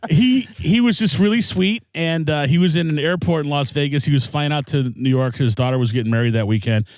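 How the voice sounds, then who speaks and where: A man's voice: on the high side, a little fast, a little mellow, dry recording. Rambling man telling a story. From Wisconsin. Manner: rambling, self-deprecating, with many fillers and restarts. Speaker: comedian guest. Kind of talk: casual storytelling.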